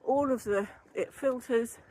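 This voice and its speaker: A woman's voice: a little high, measured pace, darkish tone, slight background noise. An older woman chatting casually as she walks outdoors, a little out of breath, rambling and laughing easily about wellbeing. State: out of breath from walking. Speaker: wellbeing vlogger and former yoga teacher trainee. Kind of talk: casual walking vlog talk. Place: outdoors walking along a canal. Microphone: built-in camera or phone mic, no separate microphone.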